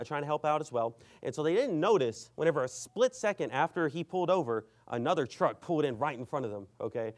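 A man preaching a sermon and telling a story, rambling and filling his speech with "you know". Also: medium pitch.

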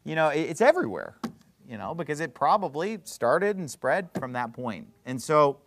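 High, lively-voiced sarcastic male preacher. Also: normal speed, a little hiss or hum. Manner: sarcastic, rhetorical questions, mocking imitations. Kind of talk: fiery street-preacher sermon.

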